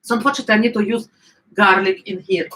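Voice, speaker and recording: A middle-aged woman with an Eastern European accent, chatting casually as she cooks, often searching for words and filling pauses. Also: a little high, slight background noise, low-quality recording. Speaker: home cook. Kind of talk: casual cooking vlog chat.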